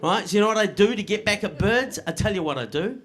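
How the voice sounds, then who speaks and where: A middle-aged man works through a stand-up set. His voice sits fairly high, and he lands each line with a dry, punchy timing. He keeps tossing quick "right?" checks to the room. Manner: punchy, deadpan delivery with frequent "right?" asides to the crowd. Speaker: stand-up comedian.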